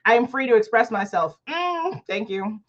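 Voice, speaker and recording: A woman in her thirties hosting a casual livestream book chat, animated and laughing often as she reads affirmations aloud. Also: on the high side, normal speed, muffled recording. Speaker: host of an online book club.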